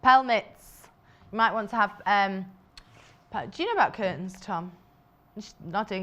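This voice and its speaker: A woman's voice: medium pitch, normal speed, pauses often, a bit bright. Chatty woman presenting on a shopping channel. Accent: British English. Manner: chatty, enthusiastic, many fillers and asides. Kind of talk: live sales presentation.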